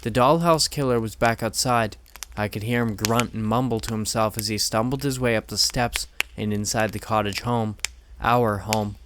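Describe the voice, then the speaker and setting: A man reading horror stories aloud in measured, steady scripted narration. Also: on the low side, noisy background.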